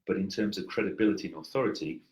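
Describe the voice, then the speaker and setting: Low-voiced man coaching. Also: rapid-fire, a little mellow, rough recording. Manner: explanatory, wry and dry-humored. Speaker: presentation coach. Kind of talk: coaching feedback chat. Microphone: headset.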